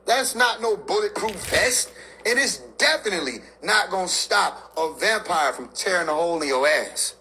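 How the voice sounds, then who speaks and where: A man's voice: high-pitched, lively intonation, normal speed, bright, forceful tone, slight background noise, poor audio. A man in a casual, profane monologue rant, lecturing on scripture in street slang and laughing between his points.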